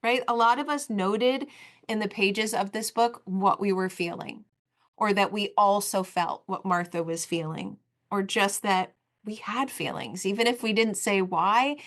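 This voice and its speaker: A woman's voice: mid-range voice, unhurried, a bit bright. A woman in her forties hosting a solo podcast, talking in an earnest, heartfelt way and repeating phrases for emphasis. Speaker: podcast host.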